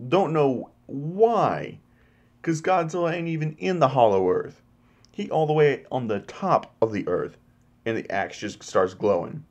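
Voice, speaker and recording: Profane, animated male movie reviewer. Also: fairly high pitch, a little slow, dull audio. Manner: profane, animated plot retelling. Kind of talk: casual spoiler review.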